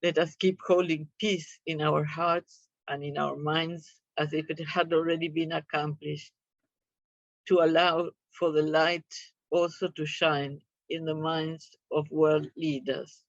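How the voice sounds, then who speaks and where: A woman speaks over a video call, unhurried and steady, her pitch barely moving. She pauses often, earnest and measured. The sound is dull and lo-fi but dry, with no room around it. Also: dry recording. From Uruguay. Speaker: guest speaker. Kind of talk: prayerful address.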